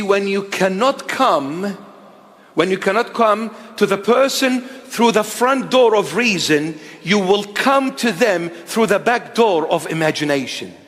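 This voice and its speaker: A man's voice: high-pitched, fairly bright tone, big-room sound. A man in his fifties delivering an emphatic sermon, repeating his key phrases. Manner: emphatic, repetitive preaching. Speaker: preacher.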